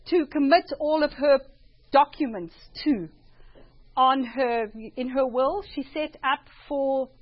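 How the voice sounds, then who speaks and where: A woman's voice: high voice, highs cut off. A woman with a South African accent giving a chatty, informal talk to an audience. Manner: chatty, self-deprecating, prays before speaking. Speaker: speaker at a church presentation.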